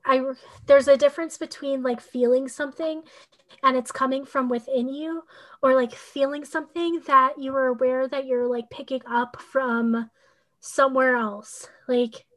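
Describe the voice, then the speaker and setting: A woman's voice: sits high, steady tone, moderate pace, a bit bright. A woman who works as a human design coach, talking casually in a podcast conversation. Her speech is rambling and full of "like" and "you know", with an occasional sarcastic aside.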